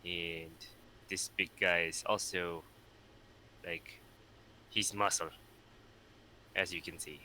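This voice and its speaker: Brief: male player, low pitch, very crisp bright tone, laid-back. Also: fairly even intonation, slow pace, pauses often, slight background noise, low-quality recording. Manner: laid-back, dry, mostly in character. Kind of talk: tabletop role-play chat.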